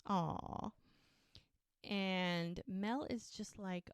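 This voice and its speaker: A woman's voice: medium pitch, normal speed, fairly bright tone, smooth, dry recording. A woman co-hosting a podcast, casually retelling TV scenes and quoting the characters' lines. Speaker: podcast co-host recapping episodes. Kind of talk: casual recap chat.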